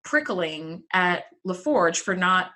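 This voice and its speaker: Bright-voiced woman podcast co-host. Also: lowish voice, takes it slowly. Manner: animated, laughing, lots of "like". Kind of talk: casual chat.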